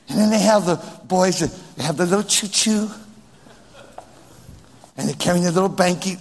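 High, husky-voiced preacher in a big church. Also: male voice, moderate pace, long pauses. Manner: emphatic preaching with repeated exhortations. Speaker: pastor. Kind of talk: sermon. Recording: long church reverb.

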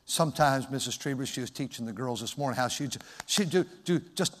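A man preaching a sermon as a pastor, loud and emphatic, in a plain conversational way. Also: mid-range voice, brisk, big-room sound.

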